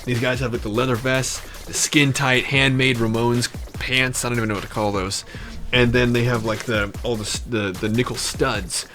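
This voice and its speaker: A man's voice: mid-range voice, level tone, moderate pace, fairly bright tone, faint music behind. A man hosting a podcast, telling a long story in a rambling, profane way with digressions.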